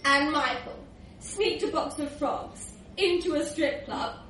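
A woman's voice: high voice, takes it slowly. A woman voicing a boastful, laddish male reindeer who turns whiny when cornered. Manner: loud, boastful, laughing through lines. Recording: echoey room, distant mic, faint hiss.

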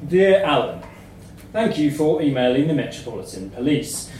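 A man's voice: mid-range voice, very animated, measured pace, darkish tone, recorded from a distance, a little hiss or hum. Playful man in an echoey room. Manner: playful, laughing through the lines. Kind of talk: comic letter reading.

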